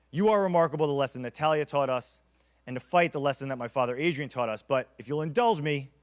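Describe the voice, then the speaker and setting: Brief: male keynote speaker, quick delivery, slightly higher voice, lively storyteller. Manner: energetic, storytelling, acts out quotes. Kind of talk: conference keynote talk.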